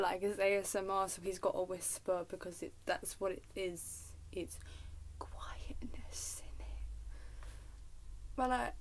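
A young woman with an English accent, chatting casually to camera at home, giggling and dropping into whispers. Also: mid-range voice. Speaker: vlogger. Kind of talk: casual rambling chat to camera. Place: at home in her room.

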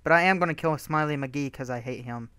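A man's voice: mid-range voice, a little fast, noisy background. Wry young male gamer. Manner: mumbly and wry, with sudden laughing outbursts. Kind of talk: casual gameplay chat.

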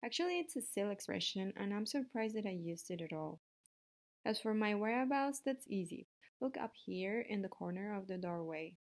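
A woman voicing a gentle, wise female spider in a storybook reading. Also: mid-range voice, normal speed, lightly acted. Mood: kindly. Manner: calm, gently explaining.

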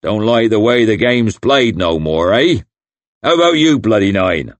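A man's voice: fairly low pitch, expressive, unhurried, dry recording. A man voicing a boisterous, boastful fat hillman chieftain who taunts and roars. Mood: taunting. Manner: loud, taunting, blustering.

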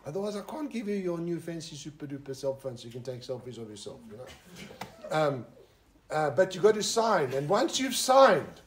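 South African preacher, Afrikaans-speaking man, higher-pitched voice, chatty joking sermon. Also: very animated, moderate pace, slight background noise. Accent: South African English. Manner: joking, conversational, with asides to the listeners. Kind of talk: informal sermon. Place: fellowship lounge.

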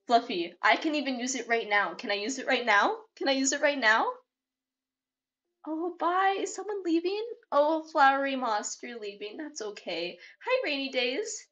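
A woman live streamer chatting casually with her viewers, excitable and gushing, often repeating herself. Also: high-pitched, normal speed, highs cut off.

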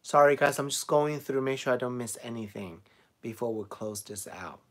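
A man's voice: mid-range voice, normal speed, a bit bright. A man with a Chinese accent chats casually through a live stream, answering his viewers one by one. He sounds middle-aged and laughs easily between answers. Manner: chatty, laughs often, reads out viewer comments. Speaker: beauty vlogger answering live chat.

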